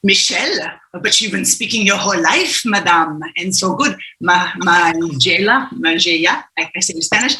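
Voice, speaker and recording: A woman leading a playful group warm-up game on a video call, laughing often and calling on people by name. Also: on the low side, animated, normal speed, few pauses, roomy sound, low-quality recording.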